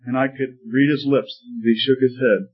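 A man's voice: mid-range voice, fairly even intonation, moderate pace, husky, close to an everyday voice. A man voicing a talking teacup that was once clay, telling its story in an earnest, pleading way. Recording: slightly muffled recording.

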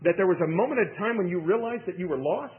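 A man's voice: high-pitched, expressive, fast. A man preaching a sermon, emphatic, with personal stories and impassioned questions to the congregation. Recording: tinny phone-like audio.

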